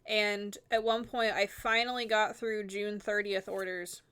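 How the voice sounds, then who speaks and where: A woman's voice: mid-range voice, level tone, a little slow, a bit bright, clean tone. A woman streaming a game, chatting casually and rambling with lots of filler words. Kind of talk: casual chat while gaming.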